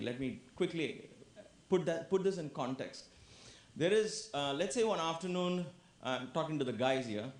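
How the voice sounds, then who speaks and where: A man giving a spiritual lecture, telling anecdotes and acting out their voices. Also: medium pitch. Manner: animated storyteller, acts out voices. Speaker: yoga lecturer. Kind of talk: public lecture with acted anecdotes. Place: lecture hall. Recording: echoey lecture hall.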